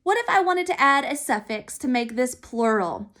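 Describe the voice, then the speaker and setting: Woman, phonics teacher, high voice, slow careful sounding out. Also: very animated, a bit bright. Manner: slow, clearly sounded out letters and syllables. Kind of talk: phonics lesson for young children. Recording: recorded for remote learning.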